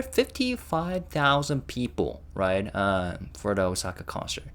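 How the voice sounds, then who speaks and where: A man's voice: lowish voice, big pitch swings, takes it slowly, fairly bright tone, clear, resonant tone. A young man hosting a casual reaction video, chatting and stopping often to react and translate. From Korea.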